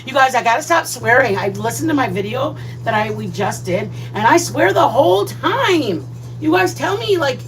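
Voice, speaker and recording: A woman's voice: sits high, expressive, moderate pace, a bit bright, a little hiss or hum, rough recording. A woman hosting a casual cooking livestream, rambling and greeting viewers by name. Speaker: cooking channel host.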